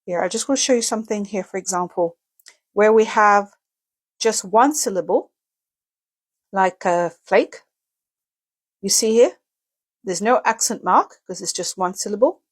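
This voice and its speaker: A woman's voice: medium pitch, unhurried, long pauses, slightly rough. Woman, teacher, casual video lesson, step-by-step explanations, sounds out example words, small self-corrections. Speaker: English teacher.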